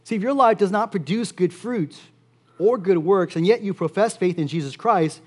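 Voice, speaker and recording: A man preaching a sermon as pastor, earnest and steady, repeating key phrases for emphasis. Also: high voice, moderate pace.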